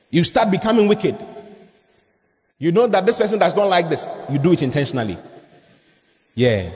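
A man preaches with a high, lively voice, leaning into humor and call-and-response. His speech rings in a hall with a long echo. Faint background noise hangs underneath. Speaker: pastor. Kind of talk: sermon.

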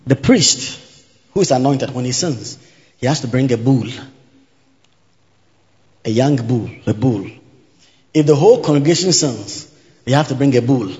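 A man's voice: mid-range voice, mellow. A man preaching a sermon to a congregation. He teaches by repeating each point and often asks whether his listeners are following, with an occasional hallelujah. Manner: teaching by repetition, asking the congregation if they follow; interjects hallelujah. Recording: dull, reverberant hall recording.

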